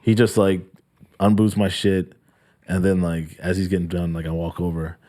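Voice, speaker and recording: A man co-hosting a podcast, telling a profane story in a casual, animated way and acting out the people in it. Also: deep voice, normal speed. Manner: profane, animated, acts out quotes. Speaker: podcast co-host.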